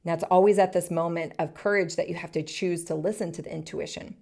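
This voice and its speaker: Earnest woman podcast host in her thirties, low voice, encouraging solo monologue. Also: steady tone, fast talker, vocal fry. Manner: earnest, encouraging, speaks in short soft phrases.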